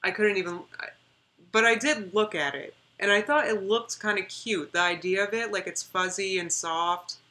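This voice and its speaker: A woman's voice: medium pitch, moderate pace, bright, forceful tone. A woman in her thirties chatting casually on a reaction livestream, emphatic and repeating words for stress. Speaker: streamer.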